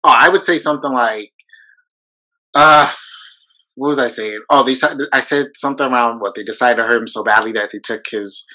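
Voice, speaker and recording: A man's voice: medium pitch, a little fast, sharp tone, poor audio. A man co-hosting a podcast, a teacher speaking earnestly in casual conversation, often restarting as he thinks aloud.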